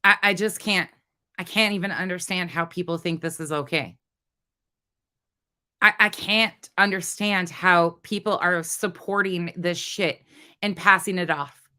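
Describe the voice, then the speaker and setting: A woman's voice: on the low side, fairly even intonation, a little slow, bright, forceful tone. A woman hosting a livestream, talking to her chat in a heated, swearing, casual way. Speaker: livestream host.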